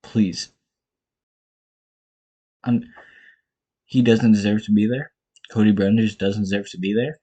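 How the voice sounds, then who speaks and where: A man's voice: fairly low pitch, steady tone, unhurried, pauses often, mellow, husky. A young man ranting casually and profanely about fight cards in his own vlog, blunt and exasperated, hammering points in short repeated bursts. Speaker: MMA commentator vlogger.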